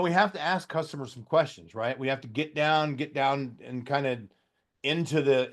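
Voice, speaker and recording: Folksy man giving a sales training talk. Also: medium pitch. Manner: folksy, loose and conversational, acts out customer dialogue. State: a slight cough. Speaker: trainer for heat pump contractors.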